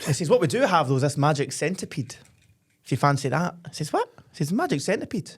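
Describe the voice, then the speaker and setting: A man's voice: fairly high pitch, fast talker, slightly rough. A young Scottish man co-hosting a football podcast, bantering and telling jokes in casual chat. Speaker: podcast co-host.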